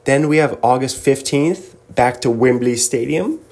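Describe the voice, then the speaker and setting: A man's voice: medium pitch, unhurried, few pauses, darkish tone. A man hosting a casual solo show, rambling and joking as he reads through a list, now and then slipping into silly mock voices. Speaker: podcast host.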